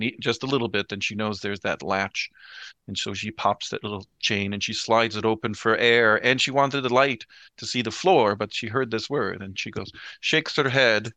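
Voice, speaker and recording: A man's voice: on the low side, bright, forceful tone, no echo. A man playing a tabletop horror game, hesitantly describing his character's actions with many fillers. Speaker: player.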